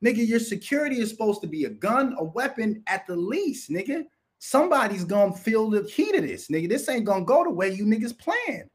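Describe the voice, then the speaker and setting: A man's voice: sits high, sing-song, fairly quick, breathy edge. A man hosting a live stream and talking to his chat in a brash, boastful, profane way, laughing often. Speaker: livestream host.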